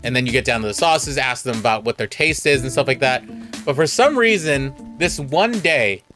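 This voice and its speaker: A man's voice: medium pitch, animated, normal speed, a bit bright. Californian male streamer, chatty and self-deprecating, faint music behind. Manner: rambling, self-mocking, laughs a lot. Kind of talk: casual storytelling on stream.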